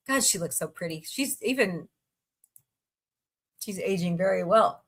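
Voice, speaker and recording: A woman's voice: mid-range voice, lively intonation, normal speed, pushed and bright. A woman hosting a casual live chat from the United States, chatting and reacting aloud as she reads out headlines and greets viewers. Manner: chatty, reacts aloud while scrolling, frequent laughs. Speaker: livestream host.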